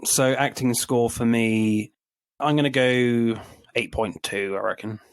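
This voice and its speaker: A man's voice: mid-range voice, measured pace, smooth, no echo. A man co-hosting a casual film review podcast, laughing often between his points. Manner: laughs often, relaxed banter. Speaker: podcast co-host.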